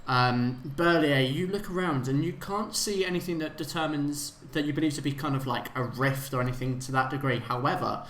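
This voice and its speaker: A man's voice: a little high, a bit bright. Man game-mastering in a roomy room. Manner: halting, many fillers and restarts. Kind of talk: narrating a tabletop game.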